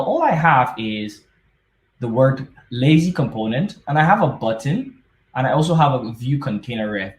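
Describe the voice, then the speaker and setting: A man presenting a conference tech talk, walking through code in a conversational way with frequent fillers and self-corrections. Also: mid-range voice. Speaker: conference speaker. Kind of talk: live-coding tech talk. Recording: roomy echo.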